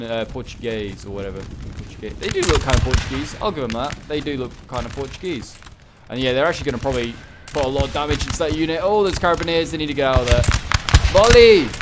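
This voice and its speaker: Guy rambling excitedly over a game battle, mid-pitched, gunfire loud behind him. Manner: chatty, excitable, rambling with fillers. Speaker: gaming channel host. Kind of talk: casual game battle commentary. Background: game gunfire and battle noise.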